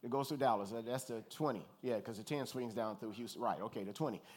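A man from Louisiana, a pastor, preaching in a conversational, animated way with joking asides and calls for the congregation to respond. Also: mid-range voice, fast talker. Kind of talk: conversational sermon.

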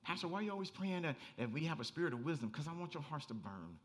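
Animated male pastor preaching. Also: a little high, fast talker. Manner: animated preaching, rising to shouts and laughing asides. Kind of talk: sermon.

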